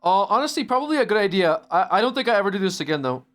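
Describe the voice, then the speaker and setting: A man's voice: sits high, sing-song, rapid-fire. Bantering male streamer reading chat. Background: loud background music.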